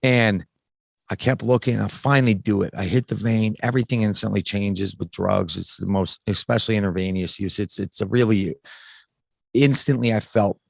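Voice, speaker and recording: A man in his thirties speaks in a fairly low voice, recorded dry and close with no room sound. He tells a personal story casually and bluntly, with frank swearing and frequent restarts. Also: moderate pace, gravelly, no echo. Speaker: podcast guest. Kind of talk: candid personal story in conversation.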